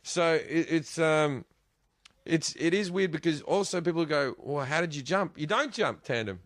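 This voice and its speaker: A man with an Australian accent, a comedian telling crude, animated stories in a casual podcast chat. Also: fairly high pitch, moderate pace, no echo. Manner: animated, crude jokey storytelling. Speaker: guest comedian.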